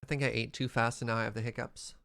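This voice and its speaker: A young man from Western Canada chatting casually while streaming a game, quick to laugh and reading out chat. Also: mid-range voice, flat delivery, vocal fry, fairly bright tone, clear, resonant tone. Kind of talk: casual gameplay livestream chat.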